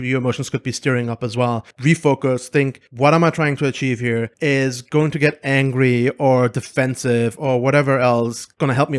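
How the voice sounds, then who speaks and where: A man talking in a casual podcast conversation. His voice sits in a middle pitch, and he explains his points thoughtfully, often restarting a phrase as he goes. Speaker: podcast co-host.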